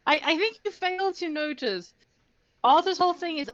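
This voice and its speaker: A woman's voice: very high-pitched, animated, normal speed, no room sound. A woman playing a tabletop game, arguing her point emphatically and swearing casually. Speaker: player. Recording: dull dry recording.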